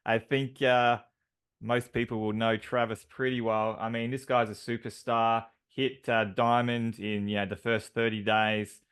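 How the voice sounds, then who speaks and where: A man's voice: medium pitch, flat delivery, a little slow, a bit bright, smooth. A man co-hosting a team call, announcing award winners with enthusiastic, filler-heavy talk.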